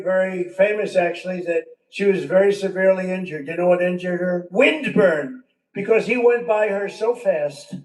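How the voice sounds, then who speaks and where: An older man, a politician, giving a rambling, repetitive rally speech full of conversational asides. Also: high-pitched. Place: large venue with a crowd. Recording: roomy sound, distant from the mic.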